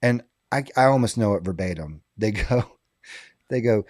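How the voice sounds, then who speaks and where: A man in a casual podcast chat, spinning an animated anecdote and laughing as he goes. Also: on the low side, normal speed, dry recording, clean studio sound.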